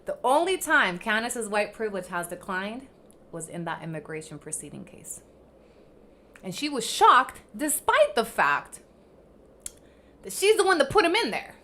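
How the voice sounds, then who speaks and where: A woman's voice: medium pitch, big pitch swings, moderate pace, bright, forceful tone. Fiery, profane woman ranting on a livestream. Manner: fiery, profane, emphatic, repeats herself. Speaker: livestream host. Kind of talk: heated commentary rant.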